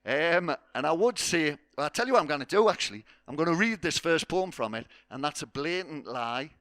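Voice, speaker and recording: A man's voice: on the high side, lively intonation, a little fast, fairly bright tone, dry recording. A man hosting a spoken word night on a festival stage, rambling through self-mocking jokey banter before a live audience.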